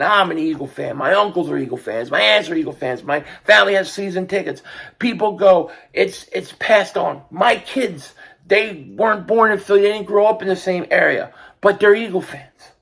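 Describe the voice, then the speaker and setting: An older man giving an impassioned sports fan rant, repeating himself and building to shouts. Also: sits high, normal speed, gravelly, slightly rough. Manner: fervent, repetitive, rising to shouts. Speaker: sports vlogger.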